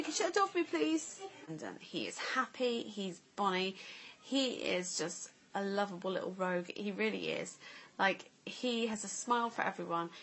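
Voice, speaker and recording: A woman's voice: fairly high pitch, fairly bright tone, slight background noise. A woman, a mother vlogging at home, chatting candidly to camera with lots of "like" and "you know". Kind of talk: casual chat to camera. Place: family home.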